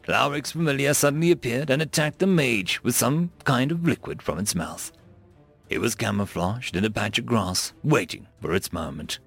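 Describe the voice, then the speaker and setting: Gravelly male audiobook narrator. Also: mid-range voice, normal speed, soft background music. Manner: steady storytelling, voicing each character.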